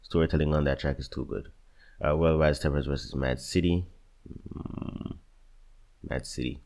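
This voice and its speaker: A man's voice: a bass voice, steady tone, normal speed, a little mellow. A young man in casual reaction commentary, agonizing over picks between songs, swearing and muttering to himself. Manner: agonized, swears often, talks to himself while choosing. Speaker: music bracket creator.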